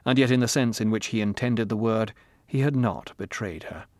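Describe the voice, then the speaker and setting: A man narrating an audiobook with measured, grave storytelling. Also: lowish voice, darkish tone, dry recording, clean studio sound. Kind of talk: scripted narration.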